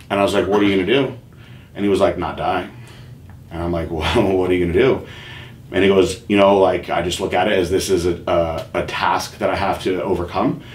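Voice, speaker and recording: Earnest low-voiced man telling a personal story. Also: echoey room, slight background noise. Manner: earnest, halting storytelling with many fillers and restarts. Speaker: podcast host.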